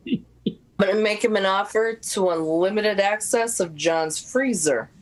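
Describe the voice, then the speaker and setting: A woman taking quick joking turns in a live improv comedy game. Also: mid-range voice, rough recording. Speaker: improv performer.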